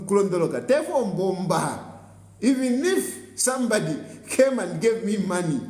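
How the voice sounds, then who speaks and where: A Zambian man delivers a heated political monologue, scolding and repeating himself for weight. His voice sits high and moves a lot. The room is echoey. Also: a little mellow. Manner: combative, scolding, repeats phrases for emphasis. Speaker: political commentator host. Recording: roomy echo.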